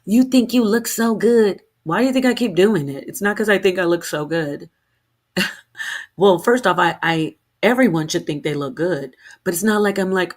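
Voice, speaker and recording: A woman's voice: fairly low pitch, normal speed. Heated woman ranting on a livestream. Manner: heated, defensive, rambling with restarts. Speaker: streamer. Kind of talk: unscripted livestream rant to camera.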